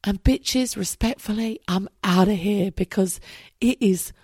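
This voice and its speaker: A woman's voice: mid-range voice, unhurried, a little mellow, husky, dry recording, clean studio sound. A young woman hosting a solo podcast late at night, chatty and candid, swearing freely, her voice tired and worn out. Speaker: podcast host. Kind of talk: casual solo podcast monologue.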